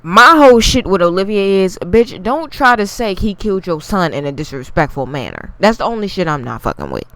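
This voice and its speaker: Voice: medium pitch, very animated, a little fast, few pauses, fairly bright tone, dry recording. A TV recap reviewer giving a casual, blunt, profane take and talking straight to the viewers. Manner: addresses viewers directly.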